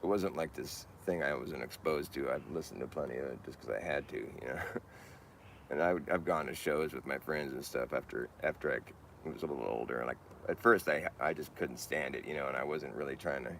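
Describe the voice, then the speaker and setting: A man with a very low, gravelly voice rambles through a casual monologue. He keeps stopping and restarting his sentences and laughs at his own points. A faint hiss sits under the recording. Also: brisk, a bit bright. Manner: rambling, self-correcting, laughs at himself.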